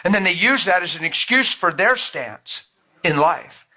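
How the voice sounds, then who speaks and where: A man's voice: sits high, lively intonation, unhurried, bright, forceful tone. A man preaching a sermon, telling a personal story with fervent, emotional storytelling.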